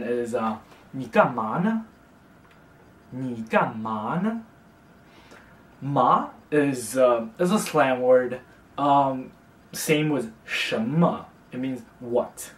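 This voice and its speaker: Young guy doing a chill beginner lesson, slow and patient, repeats stuff, roomy echo. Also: mid-range voice, far from the mic. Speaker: language tutor. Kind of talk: casual video lesson. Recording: echoey room, voice from off the mic.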